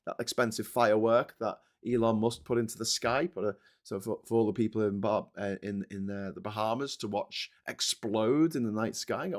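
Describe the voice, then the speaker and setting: A man's voice: on the low side, normal speed, few pauses. A middle-aged man from England hosting a live stream, chatting casually, reading out viewer comments, swearing and restarting his sentences. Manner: rambling, swears, frequent restarts.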